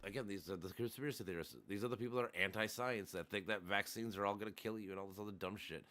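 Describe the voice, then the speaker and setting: A man's voice: lowish voice, quick pace, sharp tone. A man in casual chat, talking in a rambling, profane way with many restarts. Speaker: podcast host.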